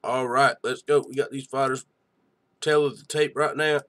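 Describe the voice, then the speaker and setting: A man's voice: medium pitch, fairly even intonation, moderate pace, fairly bright tone. A young man hosting a live fight-night stream, giving hyped, slangy reaction commentary and chatting with viewers.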